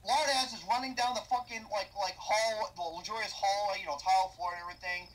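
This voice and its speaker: A young man ranting as a movie reviewer, loud and exasperated, with constant swearing. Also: high-pitched, fairly even intonation, quick pace, a little hiss or hum, poor audio. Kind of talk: profane comedic movie rant.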